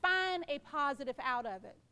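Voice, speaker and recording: Middle-aged woman, keynote speaker; very high voice, encouraging and playful delivery. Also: sing-song, moderate pace, sharp tone. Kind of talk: motivational keynote speech.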